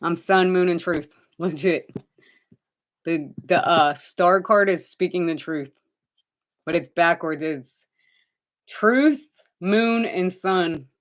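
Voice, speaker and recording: A woman's voice: lowish voice, steady tone, slow pace, long pauses. Chatty woman reading tarot live. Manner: chatty, talks straight to viewers by name, calls them honey. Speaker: tarot reader.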